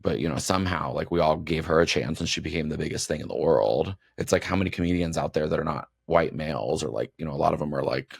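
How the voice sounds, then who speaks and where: Gravelly deep-voiced man, rambling chat. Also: fast, hardly any pauses, no echo, clean studio sound. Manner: rambling, lots of filler "like". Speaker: podcast host. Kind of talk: casual chat.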